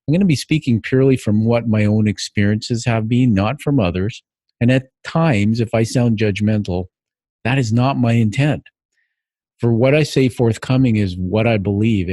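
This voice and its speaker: A man's voice: fairly low pitch, a little mellow, no room sound, studio quality. A man in his fifties with a Canadian accent, hosting a podcast and telling his own story in an earnest, reflective way. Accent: Canadian English. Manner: earnest, reflective, with light laughs. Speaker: podcast host. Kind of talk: personal narrative monologue.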